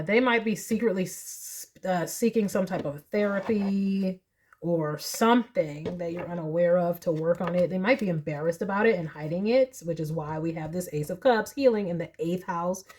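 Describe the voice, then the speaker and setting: A woman's voice: lowish voice, a little mellow. A woman, reading tarot in a chatty, emotional monologue full of likes and y'alls. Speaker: tarot reader.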